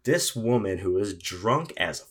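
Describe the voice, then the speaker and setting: A young man tells a story in a relaxed, rambling chat. His voice sits fairly low, and he fills it with "like" and casual swearing as he goes. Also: a little slow, slightly rough. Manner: animated storyteller, lots of fillers, swears.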